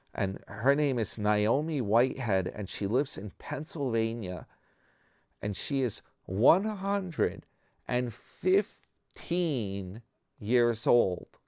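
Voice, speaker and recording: A man's voice: medium pitch, a little mellow, dry recording, clean studio sound. A man hosting his channel in casual chat, rambling and self-mocking, with frequent slang asides. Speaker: channel host.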